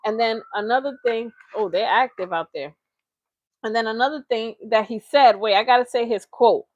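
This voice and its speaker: A woman's voice: a little high, moderate pace, dry recording, dull audio. Playful mocking woman, dry close sound. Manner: mocking, playful, rambling with invented nonsense words. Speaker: reaction channel host. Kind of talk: casual commentary.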